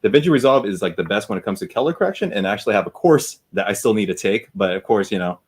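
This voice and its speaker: A man's voice: on the low side, animated, rapid-fire, breathy edge. A man co-hosting a live podcast stream who explains things in a chatty way. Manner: explanatory, chuckling. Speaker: podcast co-host. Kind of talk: casual live-stream chat.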